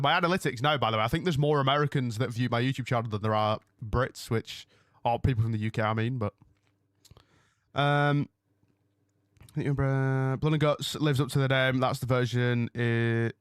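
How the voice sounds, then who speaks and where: Chatting at a normal speed in a medium-pitched voice, a man hosts a wrestling watch-along live from his home room, frequently losing track of his thoughts mid-conversation with viewers. The recording is dry and clean, like a studio.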